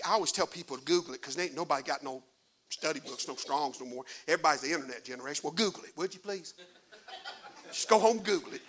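A man preaching a sermon in church, folksy and colloquial, swinging from hushed asides to shouted exhortation. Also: sits high.

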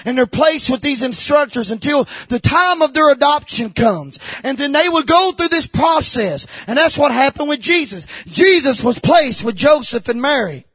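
A man preaching a sermon, emphatic and repetitive, swinging from shouted lines to hushed confession. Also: very high voice, lively intonation, moderate pace, few pauses, no room sound. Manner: emphatic, repeats phrases.

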